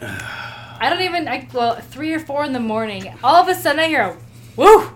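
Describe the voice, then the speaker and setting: A woman with a high voice co-hosts a casual podcast. She quizzes and teases her partner, answering the jokes with dry reactions. Faint ambient noise hangs behind her. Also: very animated, brisk, a bit bright. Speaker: podcast co-host. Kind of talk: casual chat.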